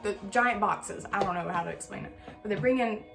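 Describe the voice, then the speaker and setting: A young woman with a drawl tells stories to her viewers in a loose, chatty way, full of fillers and restarts. Her voice sits at an ordinary pitch for a woman. Faint music plays underneath. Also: a little fast, gravelly. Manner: chatty, animated storytelling with many fillers. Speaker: vlogger. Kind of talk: casual storytelling Q&A.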